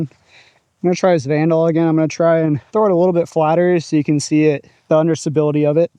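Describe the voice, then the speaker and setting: A man's voice: on the high side, little pitch movement, fast, dark tone, clean tone, no echo. A man casually talking through his disc golf throws in an open field, upbeat and chatty. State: out of breath at times. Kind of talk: casual outdoor vlog commentary.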